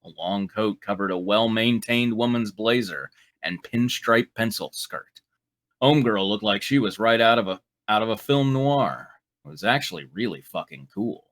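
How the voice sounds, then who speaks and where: A man's voice: fairly low pitch, expressive, moderate pace, fairly bright tone. A man hosting and narrating a live fan fiction read-through in a playful, joking manner. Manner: playful, breaks to laugh and comment. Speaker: narrator and show host.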